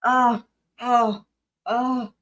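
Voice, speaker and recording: Giggly young woman, live-stream host, casual chat, slightly high voice. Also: level tone, extremely slow, fairly bright tone, rough recording. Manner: chatty and giggly, talking to herself. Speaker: livestream host.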